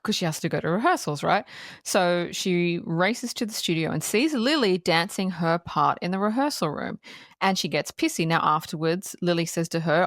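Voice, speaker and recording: A woman co-hosting a podcast in casual film-review chat, retelling scenes in an animated way with frequent laughs and swearing. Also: on the low side, normal speed, dry recording, clean studio sound. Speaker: podcast co-host.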